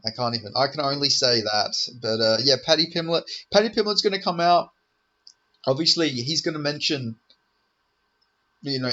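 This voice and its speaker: A man's voice: medium pitch, quick pace, pushed and bright, muffled recording. A man giving a rambling, profane, joking preview of upcoming fights in casual commentary. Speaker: MMA commentator.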